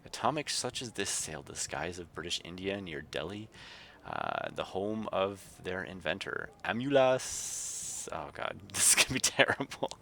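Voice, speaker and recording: A man's voice: low voice, big pitch swings, normal speed, gravelly, background noise. A man livestreaming a game, reading its text aloud and chatting casually with viewers. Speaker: streamer.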